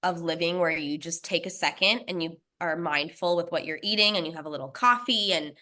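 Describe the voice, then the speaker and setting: A woman's voice: fairly low pitch, fairly quick. A young adult woman telling her story as an interview guest, chatty and often laughing. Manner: chatty, laughs often, quotes others in lively asides. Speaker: guest, snack brand founder.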